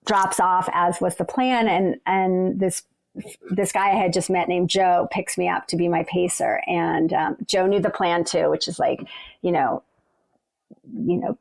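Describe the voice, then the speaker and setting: Woman runner telling a race story, chatty, lots of like and you know, fry in her voice. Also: fairly low pitch, steady tone, moderate pace, darkish tone. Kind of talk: casual spoken storytelling.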